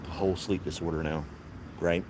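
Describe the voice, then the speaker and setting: A man's voice: deep voice, flat delivery, a little fast, background noise. A man hosting a casual podcast chat, rambling and wry, laughing at his own jokes. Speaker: podcast host.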